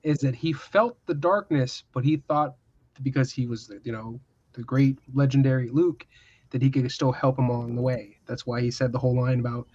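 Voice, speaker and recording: A man co-hosting a podcast in casual chat, making dry quips and explaining in a measured way. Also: mid-range voice, steady tone, darkish tone, no echo, muffled recording. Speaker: podcast co-host.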